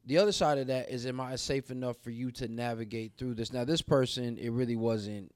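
A man's voice: medium pitch, brisk, no room sound. Candid man from the American South. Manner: candid, animated storyteller who acts out quoted dialogue. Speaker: podcast co-host. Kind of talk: casual chat.

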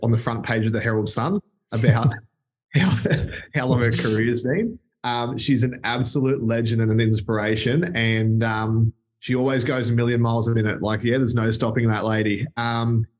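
An Australian man with a mid-range voice talks as a podcast guest. He is relaxed and reflective, often pausing with a soft "um" as he gathers his thoughts. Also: medium pitch. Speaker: company CEO, guest. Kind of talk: casual interview chat.

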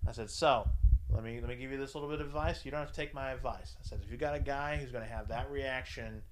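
A man hosting a podcast, telling a story in a casual, profane, animated way and acting out both sides of the dialogue. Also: mid-range voice, quick pace, background noise. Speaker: podcast host.

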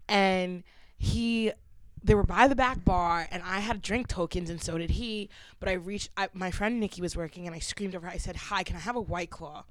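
Young new girl on her podcast, animated, laughing a lot, dry close sound. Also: lowish voice, normal speed, no room sound. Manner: lively, laughing often, animated storytelling. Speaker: podcast host. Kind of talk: casual storytelling chat.

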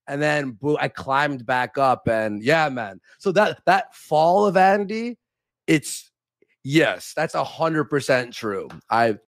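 A man's voice: on the high side, animated, takes it slowly, dry recording. A young man from Canada in casual livestream chat, rambling and getting heated, swearing and stumbling over restarts. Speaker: streaming guest.

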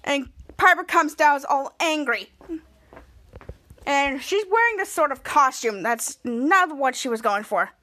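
Bright high-voiced woman recapping a show. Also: unhurried. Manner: excitable, laughs often while retelling scenes. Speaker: podcast host. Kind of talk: casual episode recap.

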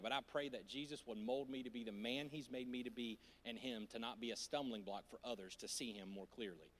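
Male pastor, high and animated, preaching on a handheld mic in a reverberant church hall. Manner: animated preaching, swings from loud to hushed. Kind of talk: sermon. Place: church auditorium. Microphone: handheld microphone.

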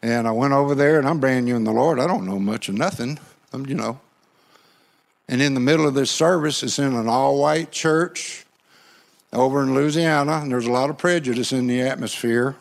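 Folksy preacher man with gravelly voice. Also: medium pitch, normal speed. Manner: folksy, joking, call-and-response with the crowd. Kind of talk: sermon with humorous storytelling. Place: church.

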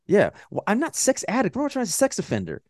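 A man from Texas with a Texan accent, co-hosting a casual movie-review podcast and ranting in a profane, animated way. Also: sits high, fast talker, no room sound. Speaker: podcast co-host.

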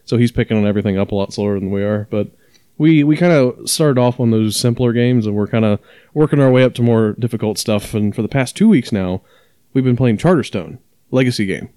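A man with a mellow, warm voice chats on a podcast in a dry, close sound. He explains at length, circling back with fillers and restarts as he goes. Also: mid-range voice, fairly quick, smooth, dry recording. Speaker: podcast co-host. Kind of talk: casual podcast chat.

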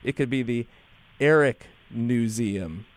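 A man co-hosting a comic podcast, playful and deadpan. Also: medium pitch, takes it slowly, no room sound. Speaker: podcast co-host.

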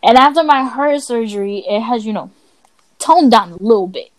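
A woman co-hosting a podcast, telling stories in a blunt, profane, animated way. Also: a little high, normal speed, no echo, poor audio. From Latina. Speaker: podcast co-host. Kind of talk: casual chat.

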